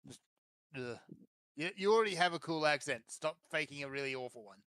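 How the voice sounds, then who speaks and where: Bright dry-voiced man. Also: a little high, lively intonation, fairly quick, clean tone, no room sound. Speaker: podcast co-host. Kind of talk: casual chat.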